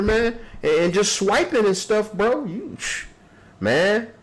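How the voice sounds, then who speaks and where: A man's voice: high-pitched, slow pace, poor audio. A man hosting a podcast, reacting to a court video in casual commentary, mocking and acting out people. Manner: animated, mocking, acts out people in quotes.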